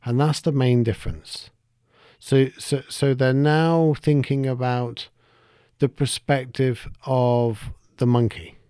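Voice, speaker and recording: A man talks through his thoughts alone on his podcast, reflective and unhurried in his reasoning. His voice is warm and mellow, and the recording is close and dry with no room sound. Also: mid-range voice, fairly even intonation, clear, resonant tone, no echo. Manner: reflective, explains step by step, thinks aloud. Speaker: podcast host. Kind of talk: solo podcast monologue.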